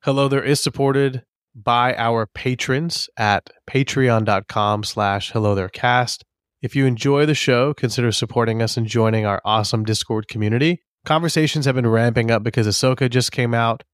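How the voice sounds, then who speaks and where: Man, hoarse voice, podcast co-host, measured wry talk, dry sound. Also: medium pitch, no echo. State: hoarse from a sore throat. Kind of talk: casual podcast chat.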